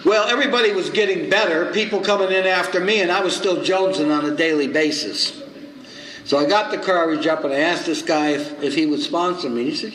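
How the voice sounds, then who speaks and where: A man in his seventies, a recovery circuit speaker telling stories at a meeting and acting out both sides of the conversations with lively swings in his voice. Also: on the high side, brisk. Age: 70s. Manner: animated storyteller acting out both sides of dialogue. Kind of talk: storytelling talk at a recovery meeting. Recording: echoey hall with faint noise.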